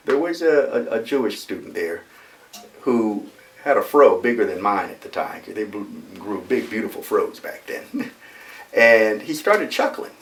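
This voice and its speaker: An older man in his sixties tells a personal story to an audience, lively and emphatic, stacking short phrases one after another. His voice sits fairly low. The sound is roomy and echoing, picked up from a mic some distance away. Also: creaky. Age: 60s. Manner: animated storyteller with emphatic repetition. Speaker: motivational speaker. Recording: roomy echo, mic far off.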